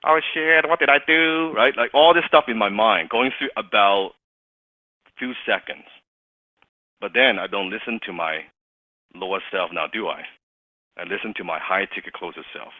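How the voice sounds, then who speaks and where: A man telling a personal story as a motivational business speaker, animated, laughing often and stumbling over restarts. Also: lowish voice, normal speed, pauses often, no echo. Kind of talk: storytelling talk. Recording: dry, tinny phone-like sound.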